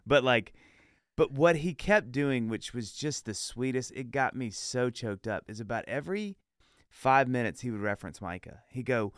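A man's voice: medium pitch, animated, normal speed, fairly bright tone, no room sound, clean studio sound. A man hosting a casual podcast chat, telling a heartfelt story with lots of restarts and fillers. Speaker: podcast host.

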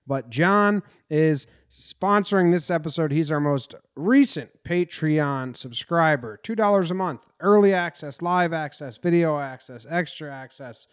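A man's voice: on the high side, measured pace, smooth. A man from New Jersey hosting a casual sports podcast, rambling and venting his frustration. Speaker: podcast host.

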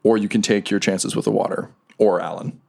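A man narrating a tabletop game as game master, telling the scene in a loose, relaxed way with fillers. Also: fairly low pitch, brisk, creaky, slightly rough.

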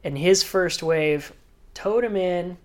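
Animated man telling surf stories. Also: high-pitched, slow. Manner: animated storyteller, surf slang. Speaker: guest, professional surfer. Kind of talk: podcast interview storytelling.

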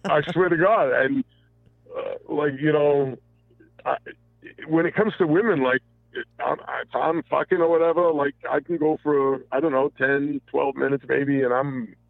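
Guy calling in on a tinny phone line, gravelly, rambly, swears a lot, dry sound. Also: on the high side, steady tone, a little slow, dry recording. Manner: rambling, full of restarts and profanity. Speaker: caller. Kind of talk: candid confessional storytelling.

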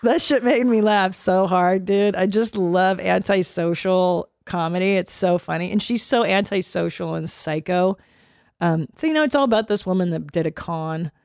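In clean, dry studio sound, a podcast host in her forties chats casually in a lowish, somewhat mellow voice at normal speed. She rambles, swears freely, sighs and restarts, sounding a little stuffy from cold medicine.

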